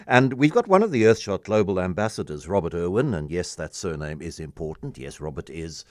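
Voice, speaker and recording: A man's voice: low voice, very animated, brisk, no echo. An older man, hosting a casual radio interview in a studio, chatty and jokey with frequent restarts. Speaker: radio host.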